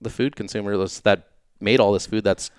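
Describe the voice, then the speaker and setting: Low, smooth-voiced laid-back man. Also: steady tone, fairly quick, no echo, clean studio sound. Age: middle-aged. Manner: laid-back, laughs easily, trails off with fillers. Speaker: podcast guest, off-road racer and team owner. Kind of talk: casual chat.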